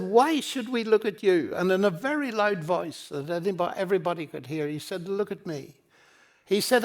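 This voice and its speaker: An older man lectures with earnest, pleading conviction, his voice sitting high for a man. He moves through stories and quoted exchanges in a university hall. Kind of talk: public lecture on faith and science.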